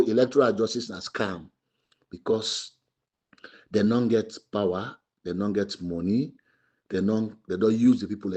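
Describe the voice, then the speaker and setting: A man with a Sierra Leonean Krio English accent gives impassioned political commentary as a party spokesman, repeating his points and pushing his voice up into near shouts. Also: fairly low pitch, slightly rough. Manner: emphatic, repetitive, rising to shouts.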